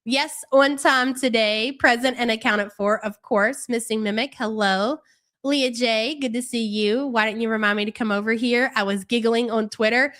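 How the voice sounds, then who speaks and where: Lady streamer reading off chat names nonstop, kinda high voice, a bit under the weather. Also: fairly even intonation, a bit bright. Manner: rattles off viewer names in a quick roll call, chatty and offhand. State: under the weather, recovering from illness. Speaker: live-stream reaction host. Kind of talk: casual live-stream chat.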